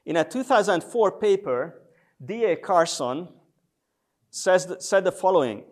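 A man lecturing on theology in a measured, deliberate way, with frequent hesitation sounds. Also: high voice, expressive. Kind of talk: theological lecture with scripture readings.

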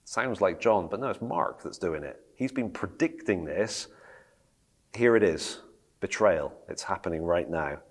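A man's voice: sits low, animated, a little slow. A man teaching a Bible study in a conversational way, reading scripture aloud and asking the group questions.

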